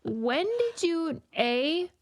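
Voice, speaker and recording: A woman co-hosting a podcast in casual chat, with a high voice. She talks in a chatty, teasing way and laughs often. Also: very animated, drawn-out words, background noise. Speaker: podcast co-host.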